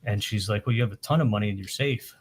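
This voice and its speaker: Halting deep-voiced man testifying. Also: slight background noise. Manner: halting, repeats words, retells dialogue with "I'm like". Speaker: trial witness testifying. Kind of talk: courtroom testimony.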